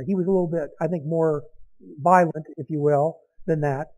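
A man with a notably high voice delivers a sermon, walking through a scripture passage. He talks in a conversational way, pausing for asides to his listeners. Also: fairly even intonation, a little mellow, low-quality recording. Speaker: preacher.

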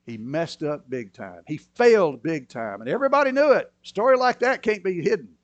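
A man preaching a sermon, moving between quiet, low asides and loud, emphatic bursts. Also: sing-song, a little fast, no room sound, muffled recording. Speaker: pastor.

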